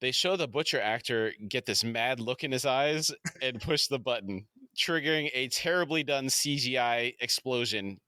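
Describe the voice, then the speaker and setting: Male podcast co-host, bright and punchy tone, dry recording; detailed recapper. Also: medium pitch, normal speed, few pauses, clear, resonant tone, dry recording. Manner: recaps episode scenes in detail, laughs easily. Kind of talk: casual podcast recap chat.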